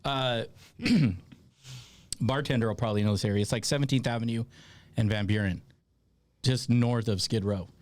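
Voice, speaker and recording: A man's voice: mid-range voice, moderate pace, long pauses, no echo. A man hosting a casual chat, joking and swearing as he tells a story. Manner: lively, joking, profane. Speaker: podcast host.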